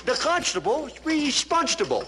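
A man's voice: very high-pitched, huge pitch swings, moderate pace, full character voice. An actor playing a showy male Cockney street entertainer in a film scene, with a put-on Cockney accent and a theatrical, sing-song delivery. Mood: jaunty. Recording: film clip with loud accordion music.

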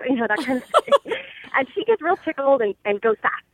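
A woman calling in to share a parenting story, telling it in a lively, animated way. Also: sits high, no room sound, rough recording. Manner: animated storyteller, bursts into a fast singsong auctioneer patter. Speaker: caller. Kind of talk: phoned-in voice message.

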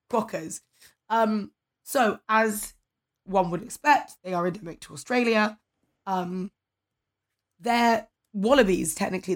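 A woman with an English accent co-hosting a podcast in casual chat, talking loosely with lots of "like" and "you know what I mean". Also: on the low side. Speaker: podcast co-host.

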